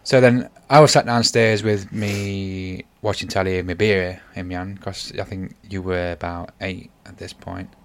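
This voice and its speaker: A middle-aged man with a fairly low voice chats casually on a family podcast. He rambles through his stories, doubling back to correct himself as he goes. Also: fairly even intonation, normal speed, hardly any pauses. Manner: rambling, self-correcting storyteller. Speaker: podcast host, father.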